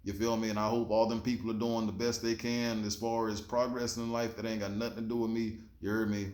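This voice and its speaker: Dude giving a cussing laid-back pep talk, medium voice, echoey room. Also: male voice, mid-range voice. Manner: laid-back, slangy, swears freely, preachy. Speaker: show host. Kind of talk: motivational talk to camera.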